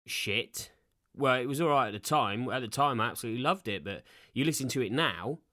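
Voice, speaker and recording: A man's voice: mid-range voice, a bit bright, no echo, clean studio sound. A man in his thirties hosting a solo podcast, rambling in a casual, sweary and self-deprecating way. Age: 30s. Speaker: podcast host. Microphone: podcast microphone.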